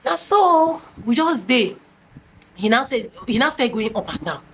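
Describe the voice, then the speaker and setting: A woman's voice: fairly high pitch, measured pace, a little hiss or hum, low-quality recording. Chatty Nigerian woman telling a story. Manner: animated, mixes in Pidgin, many restarts and fillers. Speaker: storytime vlogger. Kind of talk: casual storytelling.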